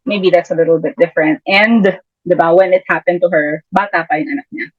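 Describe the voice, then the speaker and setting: Podcast host: woman, lower voice, dry dull lo-fi sound, chatty code-switching talk. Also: steady tone, fast talker, breathy edge, no room sound. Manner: mixes English and Tagalog, chatty, agreeable. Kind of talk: casual chat.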